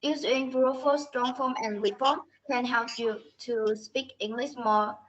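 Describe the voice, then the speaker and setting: Woman reading her class presentation real slow, highish voice, kinda muffled recording. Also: steady tone, fairly bright tone. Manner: slow, careful reading of word lists. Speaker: student presenter. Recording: dull lo-fi recording.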